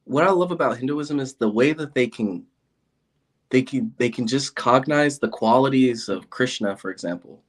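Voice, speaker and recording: A man's voice: mid-range voice, normal speed. A man who is an interview guest, chatting casually and telling stories with lots of laughter. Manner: animated storyteller, laughs often. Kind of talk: casual chat.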